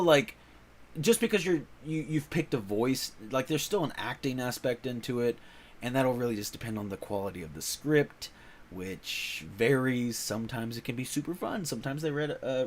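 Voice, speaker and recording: A man's voice: medium pitch, normal speed, slight background noise. A man hosting a casual comics channel, chatting loosely about voice-over work with many fillers, restarts and laughs. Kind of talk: casual rambling chat.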